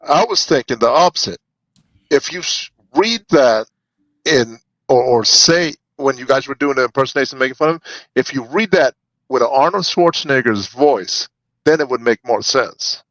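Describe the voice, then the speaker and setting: A man's voice: mid-range voice, lively intonation, moderate pace, fairly bright tone, no echo, lo-fi sound. A man in casual podcast banter who rambles through a story with restarts, fillers and swearing.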